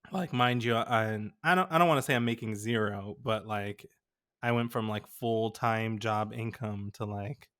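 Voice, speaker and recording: Rambling through stories stuffed with fillers, this young podcast co-host and graphic designer keeps things casual. His voice is lowish, smooth, and fairly bright, moving a little slowly.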